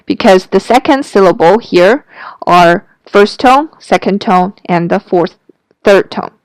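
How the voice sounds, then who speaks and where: A woman teaching a Mandarin pronunciation lesson, taking her time over every word. Her voice is smooth and clear, and it is recorded dry and close, with no room sound. She models each syllable carefully for the listener to repeat. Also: fairly low pitch, unhurried, a little mellow, no echo. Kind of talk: slow, careful language lesson narration.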